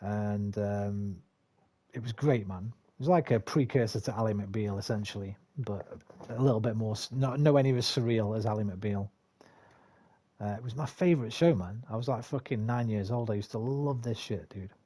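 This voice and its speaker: A man's voice: lowish voice, normal speed, warm tone. A man in his forties from England, rambling and swearing while chatting over a game. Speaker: gaming streamer. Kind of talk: casual gameplay commentary.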